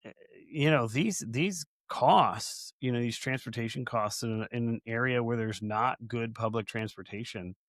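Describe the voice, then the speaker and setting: A man's voice: medium pitch, normal speed, no room sound, studio quality. A man co-hosting a casual podcast, chatty and anecdotal, building vivid comparisons as he talks. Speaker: podcast co-host.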